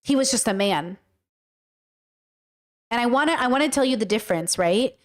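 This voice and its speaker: A woman's voice: on the high side, lively intonation, moderate pace. A woman talking to her livestream chat in a blunt, emphatic way, swearing casually as she comments. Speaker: streamer and commentator.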